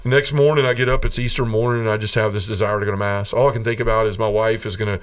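A podcast guest, this middle-aged man from the American South recounts his conversion very quickly in a lowish, smooth voice with fairly even intonation. He tells it earnestly, performs the quoted voices, and laughs between lines. The mic is distant.

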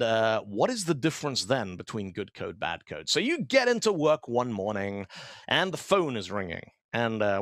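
With a medium-pitched voice, a man presents an online tech talk at a conference in a conversational style. He's a lively storyteller who voices the quoted lines himself, peppering his speech with fillers and asides, and the recording is dry and studio-clean.

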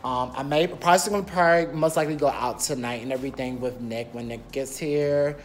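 Talking a little fast in a mid-range voice, a young man records a casual vlog on his phone in a rented apartment. He chats and rambles with plenty of fillers like "period," and there's slight background noise.

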